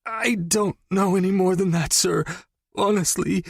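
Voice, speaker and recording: A man voicing a terrified male captive who sobs and pleads in high, strained cries. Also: fairly even intonation, measured pace, creaky, dry recording, studio quality, exaggerated voice. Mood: terrified pleading.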